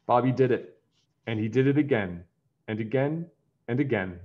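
A man reading a children's picture book aloud in an animated storytelling way. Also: mid-range voice, normal speed, muffled recording.

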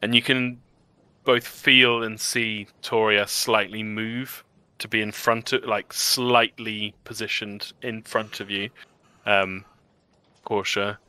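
A man narrating a tabletop game as game master, slow and full of pauses. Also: fairly low pitch, little pitch movement, bright, forceful tone, clear, resonant tone, dry recording. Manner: slow, hesitant with fillers.

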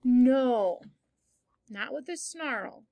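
A woman's voice: fairly high pitch, expressive, drawn-out words, mellow, dry recording. A woman teacher in a classroom, patiently explaining word meanings with everyday examples during a read-aloud lesson.

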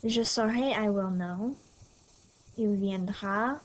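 Slow-paced woman teaching French. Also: medium pitch. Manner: casual, chatty, apologetic asides. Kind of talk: recorded lesson over slides. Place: home. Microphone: tablet mic. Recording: scratchy audio.

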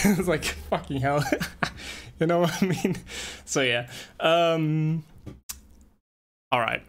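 Young man, stream host, bright voice, casual, rambling, swears a lot. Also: fairly high pitch, a little slow, pauses often. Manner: rambling and swearing, with many fillers. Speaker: tournament organizer and stream host. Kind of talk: casual livestream chat.

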